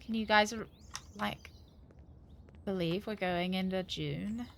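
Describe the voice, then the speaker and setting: A woman's voice: medium pitch, takes it slowly, gravelly, slight background noise. Woman streamer, playful and sarcastic. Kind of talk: casual gameplay commentary.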